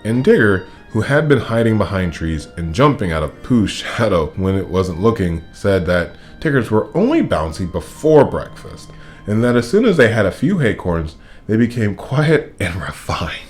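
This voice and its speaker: A man reading a children's storybook aloud in an expressive, playful way. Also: lowish voice, normal speed, faint music behind. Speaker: storybook reader.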